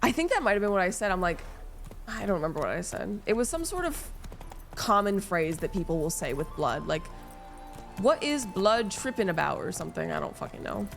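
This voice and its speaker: A woman's voice: fairly low pitch, lively intonation, fairly quick, vocal fry, faint music behind. A young woman, chatting casually with her stream while gaming, rambling and self-deprecating with lots of fillers.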